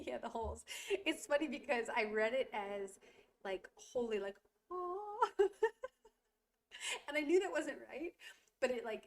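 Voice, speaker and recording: A woman chatting casually while livestreaming resin crafts at home, giggly and apologetic, full of fillers, with a stuffy nose. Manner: high coaxing voice when soothing her cat. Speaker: resin jewelry streamer. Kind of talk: casual live-stream chat.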